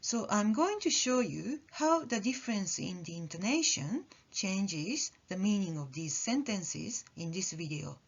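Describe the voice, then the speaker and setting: A woman teaching a lesson, her voice rising and falling a lot as she acts out example phrases. Her tone is soft and breathy, and she explains things patiently. The audio sounds a little muffled and dull. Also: mid-range voice. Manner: slow, careful explanation with animated demonstrations of intonation. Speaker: language teacher.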